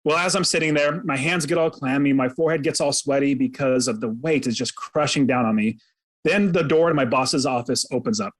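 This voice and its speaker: A man's voice: medium pitch, a little fast. A man telling a personal story as a podcast guest, earnest and dramatic, recounting it vividly in the present tense. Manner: earnest, faith-inflected. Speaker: podcast guest, real estate investor.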